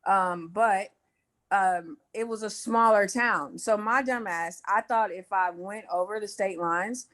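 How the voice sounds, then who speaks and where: A young woman from Indiana, a guest in an interview, telling her story candidly with plenty of swearing, fillers and quick asides. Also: medium pitch, fairly bright tone.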